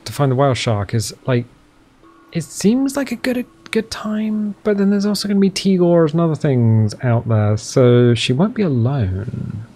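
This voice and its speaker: A man's voice: on the high side, very animated, moderate pace, mellow. A man giving casual let's-play commentary as a gaming channel host, chatty and walking through the game steps as he plays. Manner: chatty, explains game steps while playing.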